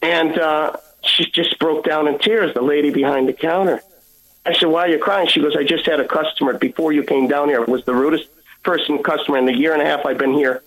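A man speaks as a guest on a radio broadcast, telling a personal story in an earnest way. He acts out the lines of the people in it, and his voice sits a little high for a man. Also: fairly even intonation, brisk, a bit bright, poor audio. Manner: earnest storytelling, acting out dialogue. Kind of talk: personal testimony.

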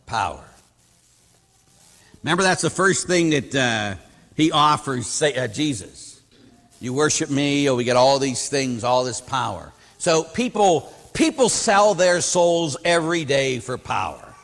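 Chatty priest preaching in a reverberant hall. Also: male voice, mid-range voice, animated, measured pace, fairly bright tone. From Pittsburgh area, USA. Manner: chatty, rambling, acts out voices in his stories. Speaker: Catholic priest. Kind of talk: storytelling sermon.

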